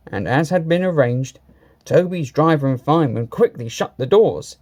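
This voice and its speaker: A man reading a children's railway story aloud, lively and expressive. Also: mid-range voice, unhurried.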